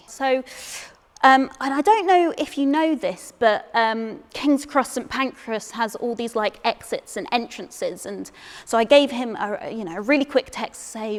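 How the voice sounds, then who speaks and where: A young woman tells a comic story from a theatre stage in a fairly high voice. She is chatty and self-deprecating, and she trips over repeated words. A long stage reverb trails behind her voice. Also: moderate pace. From England. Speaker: solo performer.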